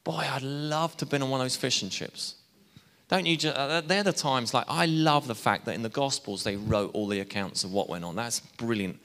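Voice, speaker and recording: A man's voice: mid-range voice, normal speed, a bit bright. A man preaching a sermon in a chatty way, with asides and self-deprecating laughs. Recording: hall reverb.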